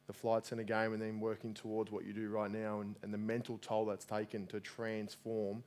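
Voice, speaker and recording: A man hosting a live community event and interviewing a guest on stage, speaking in loose, relaxed phrasing. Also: on the low side, moderate pace.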